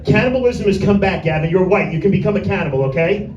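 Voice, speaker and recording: Male stand-up comic, high-pitched, crude and rambling, ribs the small crowd; echoey room, mic far off. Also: fast talker, darkish tone, lo-fi sound, a little hiss or hum. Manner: crude, rambling, teases audience members by name. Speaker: stand-up comedian. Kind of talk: stand-up set rehearsal. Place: small room with a tiny audience.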